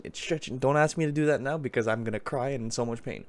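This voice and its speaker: A man's voice: medium pitch, quick pace, few pauses. A young man casually commenting on his own hockey game footage, mocking himself and joking as he goes.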